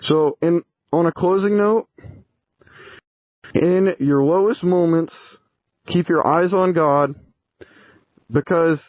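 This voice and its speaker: A man's voice: on the high side, no room sound, lo-fi sound. A man talking earnestly about his faith in a casual vlog, often restarting his phrases. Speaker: vlogger.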